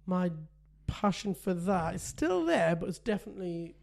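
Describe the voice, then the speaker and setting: A man's voice: sits high, sing-song, normal speed, creaky, a little mellow. A man, chatting casually as a podcast co-host and telling stories with frequent laughs. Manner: chatty storyteller, laughs often. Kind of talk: casual chat.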